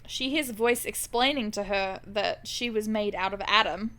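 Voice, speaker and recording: Bright-voiced young woman recapping a book. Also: medium pitch, moderate pace. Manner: irreverent, giggly, acts out characters in silly voices. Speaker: podcast co-host. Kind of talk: casual comedic book recap.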